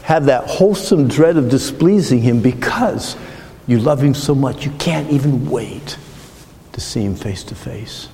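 A middle-aged man preaching a sermon, telling a personal story in an earnest, emotional, halting way and ending in prayer. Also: mid-range voice, expressive, gravelly, dark tone, slight background noise. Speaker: pastor. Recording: long reverb of a large hall.

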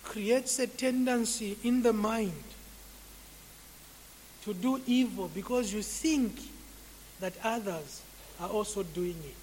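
A man's voice: high voice, a little mellow. A man preaching a sermon, pleading with his listeners to turn from sin and closing in prayer. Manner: slow, pleading, rising to urgent appeals. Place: church sanctuary. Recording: hall reverb with faint hiss.

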